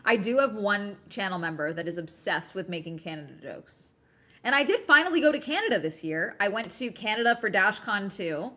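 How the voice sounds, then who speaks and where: Socal girl streaming, bright voice, lots of um and like, just chatting w chat. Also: medium pitch, very animated, brisk. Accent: Southern California. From Southern California. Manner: chatty, reads chat aloud, frequent ums and likes. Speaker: streamer host. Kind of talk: casual livestream chat.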